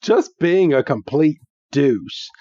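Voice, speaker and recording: A man's voice: on the high side, expressive, slow, dark tone, muffled recording. A man co-hosting a podcast, recapping a cartoon episode in a laid-back, joking way. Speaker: podcast co-host. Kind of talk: casual episode recap chat.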